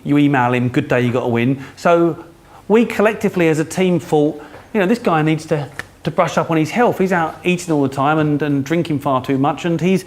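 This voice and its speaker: A man co-hosting a listings show, chatting in a jokey, upbeat way. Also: on the high side. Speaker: co-host. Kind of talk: casual chat.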